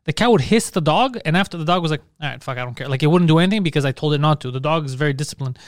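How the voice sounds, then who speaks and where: A man co-hosting a comedy podcast, telling profane stories in casual chat and acting out his own yelling. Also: fairly high pitch, racing, no room sound, studio quality. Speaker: podcast co-host.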